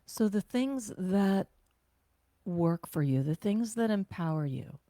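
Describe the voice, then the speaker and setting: A woman teaching a guided self-care breathing class, talking gently and conversationally with sighs and slow exhales. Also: mid-range voice, expressive, no room sound, clean studio sound.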